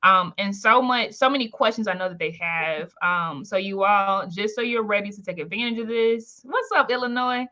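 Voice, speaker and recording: A woman hosting a live webinar with lively energy, calling out chat names and welcoming everyone in. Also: medium pitch, normal speed, hardly any pauses, dull audio. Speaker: webinar host. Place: home, in Maryland.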